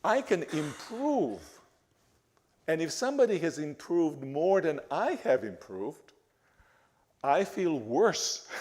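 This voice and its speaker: A man giving a talk in a church, speaking haltingly with frequent restarts and fillers. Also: medium pitch, gravelly, a little mellow. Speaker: guest speaker. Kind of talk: church lecture. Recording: reverberant church hall.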